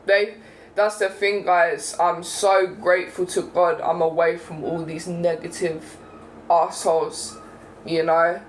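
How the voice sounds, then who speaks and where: A young man from England vents to his viewers with a rather high voice, full of indignation and tagging his points with "right?" and "yeah?". A faint hiss sits underneath the recording. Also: little pitch movement, slow, low-quality recording. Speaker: vlogger. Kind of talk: casual monologue rant.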